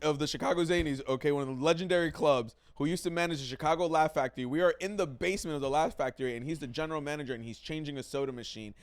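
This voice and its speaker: A man's voice: fairly high pitch, clear, resonant tone. Emphatic swearing podcast host, man. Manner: emphatic, repeats himself, swears freely. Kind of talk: casual podcast chat.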